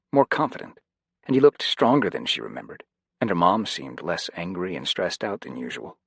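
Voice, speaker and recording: A man narrating an audiobook with an expressive, varied delivery. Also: deep voice, vocal fry, husky, dry recording, clean studio sound.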